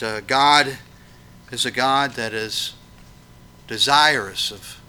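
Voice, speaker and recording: A man delivering a sermon with a very bright, ringing tone. He preaches emphatically, firing questions at his listeners and letting his voice rise and fall to drive points home. His pitch sits in an ordinary middle range. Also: slight background noise.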